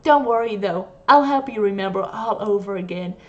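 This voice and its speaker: A woman's voice: medium pitch, moderate pace, muffled recording, natural voice. A woman voicing an obsessive young female nurse who talks in a sweet, coaxing, possessive way.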